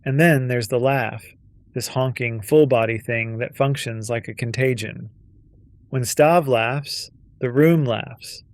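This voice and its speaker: A man's voice: mid-range voice, takes it slowly, no echo. A man narrating a scripted video essay with a punchy, wry delivery.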